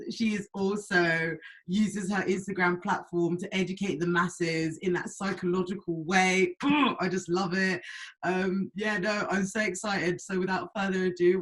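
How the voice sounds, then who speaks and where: A young woman hosting a podcast in a casual, excitable way, giggling and tripping over her words. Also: on the low side. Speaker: podcast host. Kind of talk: casual chat.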